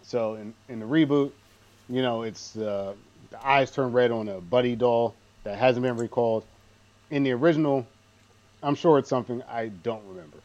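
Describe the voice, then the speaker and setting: Podcast dude rambling about a movie, kinda muffled lo-fi audio. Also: male voice, mid-range voice, moderate pace, darkish tone. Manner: rambling, self-deprecating, dry asides. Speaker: podcast co-host. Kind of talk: casual movie recap chat.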